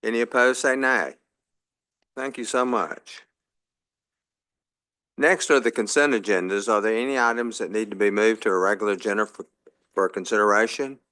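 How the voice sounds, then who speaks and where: A man's voice: lowish voice, moderate pace, long pauses, pushed and bright. A man presiding over a formal board meeting, calling motions and votes in set phrases with small fillers.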